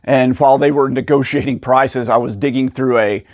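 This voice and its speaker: A man casually telling stories about finding rare video games, acting out the people in them with sudden jumps in pitch and frequent laughs. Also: normal speed, no room sound, studio quality. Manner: animated, acts out quoted dialogue with pitch jumps. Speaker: video game collector and channel host. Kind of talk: casual storytelling to camera.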